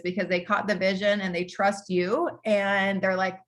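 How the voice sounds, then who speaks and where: A woman's voice: mid-range voice, normal speed, few pauses, fairly bright tone. A woman leading a motivational training call for new team members over video. She talks casually and upbeat, often laughing and saying "like.".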